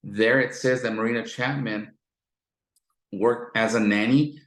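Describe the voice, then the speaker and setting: A man's voice: medium pitch, fairly even intonation, unhurried, fairly bright tone. A man giving a motivational talk, retelling a story and asking the listener rhetorical questions, with frequent restarts. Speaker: motivational speaker. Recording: echoey room.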